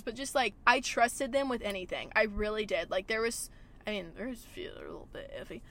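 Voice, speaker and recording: A woman's voice: mid-range voice, a bit bright, slight background noise. A young woman hosting a podcast from a parked car, talking casually with lots of "like" and frequent swearing. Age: young adult. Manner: chatty, swears a lot, says "like" often. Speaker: podcast host. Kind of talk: casual chat. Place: car in a gas station parking lot.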